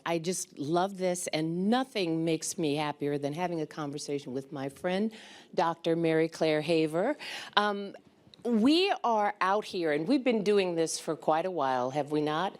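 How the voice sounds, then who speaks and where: A woman's voice: on the low side, lively intonation, measured pace. Woman moderating a medical panel. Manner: warm, conversational, with fillers. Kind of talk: panel talk explaining medicine. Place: event stage before an audience.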